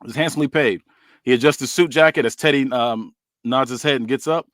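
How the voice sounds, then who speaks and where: A man's voice: mid-range voice, a little fast, a bit bright, no echo. A man co-hosting a podcast, narrating a fantasy wrestling show in casual chat with loose slang and frequent laughter.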